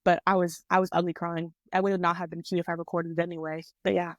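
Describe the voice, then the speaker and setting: A woman in her twenties, a podcast guest, telling a personal story in a chatty, animated way on a close mic. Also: on the low side, fast talker, no room sound, highs cut off. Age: 20s. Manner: chatty, animated retelling with quoted voices. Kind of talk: casual storytelling.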